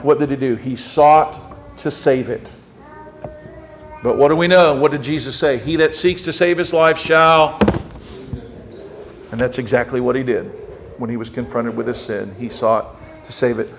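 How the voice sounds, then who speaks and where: A man preaching a sermon to a congregation, animated and emphatic, asking the crowd questions and rising to sudden peaks. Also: a little hiss or hum. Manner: animated, swings from low to high and emphatic. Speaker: pastor.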